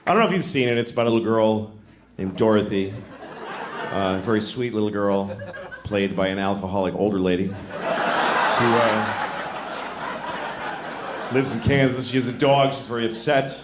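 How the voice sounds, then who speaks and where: A middle-aged man performing stand-up comedy, telling stories in a blunt, exasperated, deadpan way on a club stage. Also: lowish voice, normal speed, pauses often, heavy background noise. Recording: roomy club, crowd laughter.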